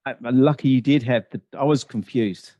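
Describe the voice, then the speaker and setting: A man's voice: mid-range voice, a little fast, mellow, dry recording, dull audio. A man hosting a podcast, opening with a formal scripted introduction before moving into polite chat with his guest. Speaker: podcast host. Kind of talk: podcast interview.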